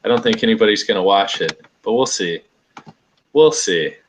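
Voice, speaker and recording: A young man talks loosely over a video call, his voice sitting a bit low. He rambles in a relaxed way, stringing thoughts together with lots of "like," and laughs easily between points. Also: normal speed, slight background noise. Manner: laid-back, rambling, says "like" often, laughs easily. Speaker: host. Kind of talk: casual video call chat.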